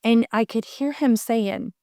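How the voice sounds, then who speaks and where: A woman's voice: a little high, fairly even intonation, measured pace, warm tone, no room sound, clean studio sound. A middle-aged woman, telling a personal story as a podcast guest, earnest and rambling with many restarts.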